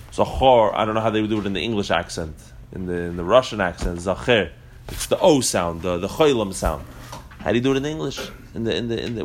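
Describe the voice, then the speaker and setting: A man's voice: on the low side, slight background noise. A man teaching a religious text class to a live group. He thinks aloud, with frequent restarts and fillers, and chants the Hebrew prayer lines in a rhythmic lilt. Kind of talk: live explanatory lesson to a group.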